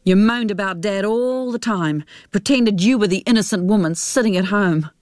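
A woman's voice: medium pitch, normal speed, darkish tone, no room sound, clean studio sound, natural voice. Woman reading as a bitter grown son. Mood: accusing. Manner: bitter, accusing. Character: resentful grown son, young man.

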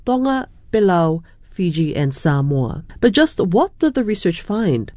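A woman presenting a radio news programme, reading a script in a measured way. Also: lowish voice, mellow, dry recording.

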